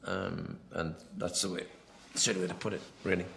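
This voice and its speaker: A film director giving a rambling commentary, full of anecdotes, often quoting himself and others. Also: male voice, low-pitched, little pitch movement, fairly quick, gravelly, fairly bright tone, slight background noise.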